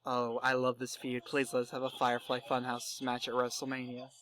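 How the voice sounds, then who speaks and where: A young man narrating wrestling fantasy booking in a casual, excitable way, joking and swearing. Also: medium pitch, a little fast, slight background noise. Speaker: fantasy booker.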